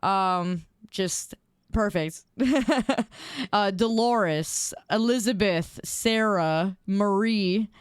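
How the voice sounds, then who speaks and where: A woman's voice: mid-range voice, extremely slow, smooth, no echo, studio quality. A young woman streamer in casual chat, reading viewer messages aloud and giggling often.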